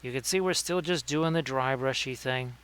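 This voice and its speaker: This miniature painting streamer runs a relaxed livestream tutorial, greeting viewers by name as he shares painting tips. He speaks at a moderate pace in a mid-range voice, fairly bright and clean.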